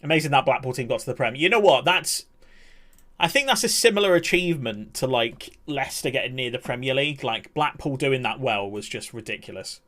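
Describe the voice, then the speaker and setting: A young man talks through a live game stream in a loose, chatty way. He laughs a lot and slips into mock-outraged rants. His voice sits at a middle pitch for a man. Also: lively intonation, fairly quick, a bit bright. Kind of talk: casual live-stream commentary.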